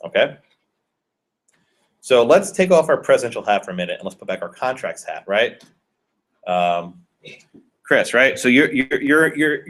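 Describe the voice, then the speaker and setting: A man's voice: mid-range voice, a bit bright. A male law professor giving a conversational classroom lecture and questioning his students.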